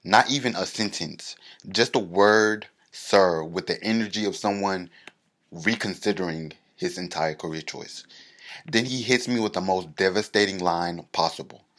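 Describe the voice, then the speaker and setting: A man doing stand-up, telling a self-mocking story with animated comic timing. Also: low voice, normal speed. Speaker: comedian.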